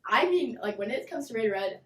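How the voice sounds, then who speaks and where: A young woman telling animated stories in a casual chat as a guest, full of fillers. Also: a little high, fast talker, roomy sound. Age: young adult. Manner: animated storytelling, acts out kids' voices, many fillers. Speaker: guest, former mascot performer.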